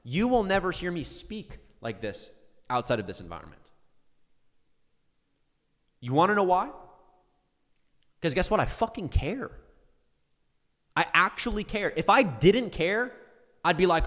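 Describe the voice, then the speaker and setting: Man, trading mentor, heated profane live-stream rant, stumbling restarts, swooping animated pitch, long reverb trailing his words. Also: a little slow, pauses often. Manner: intense and profane, swearing often, stumbling over restarts.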